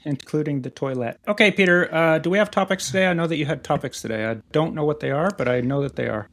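A man's voice: on the high side, quick pace, a bit bright, dry recording. A man co-hosting a podcast in casual chat, teasing his friend and rambling playfully as he talks. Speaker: podcast co-host.

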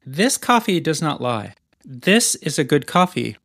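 A man's voice: fairly high pitch, big pitch swings, measured pace, fairly bright tone, dry recording, studio quality. A man co-hosting a podcast in casual chat, teasing his friend and rambling playfully as he talks. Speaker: podcast co-host.

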